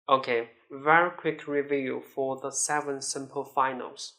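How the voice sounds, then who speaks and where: A man teaching Mandarin pronunciation, patiently explaining and modelling drawn-out syllables with exaggerated tones. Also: medium pitch, level tone, bright, forceful tone, soft background music. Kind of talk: slow, deliberate language lesson.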